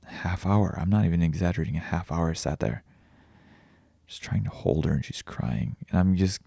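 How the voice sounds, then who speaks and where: A young vlogger and podcaster confides in a personal vlog, his deep, gravelly voice halting and raw. The tone is dark and mellow, recorded close and dry with no room sound, and he swears freely between restarts.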